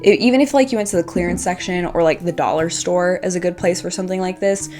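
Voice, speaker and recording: A woman's voice: fairly low pitch, fast, mellow, soft background music. A young woman chatting playfully to camera while arranging flowers at her home workstation, swearing casually and talking to herself. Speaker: craft vlogger.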